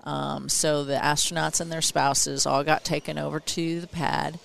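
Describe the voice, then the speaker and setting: A middle-aged woman, an astronaut's wife, telling a story in a casual, easygoing chat with frequent pauses. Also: low-pitched, level tone, gravelly. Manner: chatty, easygoing, with frequent ums.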